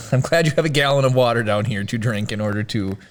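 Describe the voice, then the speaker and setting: A man's voice: mid-range voice, fairly quick. A man co-hosting a podcast, joking around in casual chat and laughing often. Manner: animated, jokey, laughs often. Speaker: podcast co-host.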